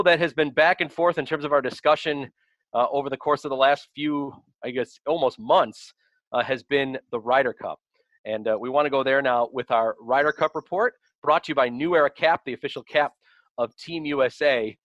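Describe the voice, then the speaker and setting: A man's voice: a little high, a bit bright, dry recording, poor audio. A man hosting a sports radio talk show, introducing the segment and posing questions to his guests.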